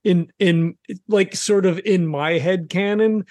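A man's voice: sits high, slow, darkish tone, no echo, clean studio sound. A man talking casually as a player in a tabletop role-playing game, rambling with lots of "like" and "you know".

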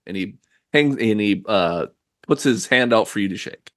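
A man's voice: fairly low pitch, lively intonation, moderate pace, no echo, studio quality. Chatty man narrating as game master. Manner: loose, chatty narration with many fillers. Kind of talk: narrating a tabletop role-playing game.

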